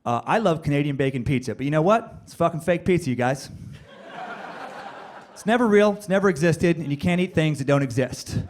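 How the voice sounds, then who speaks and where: A man doing stand-up, telling a rambling, profane story with fillers and bursts of high yelling when he acts out moments. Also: lively intonation, brisk, a little hiss or hum. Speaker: stand-up comedian. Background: audience laughter.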